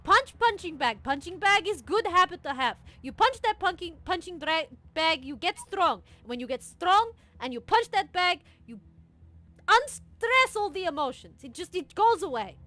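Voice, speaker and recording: A woman's voice: extremely high pitch, big pitch swings, normal speed, voice pushed up, exaggerated voice. A woman voicing Catalina, a brash and bossy spacer who talks in broken English. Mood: bossy, pumped. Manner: loud, pushy, broken English.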